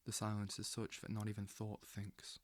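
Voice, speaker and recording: A man reading a literary novel aloud as an audiobook, slow and intense, with dramatic swells. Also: fairly low pitch, monotone, no room sound. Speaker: audiobook reader.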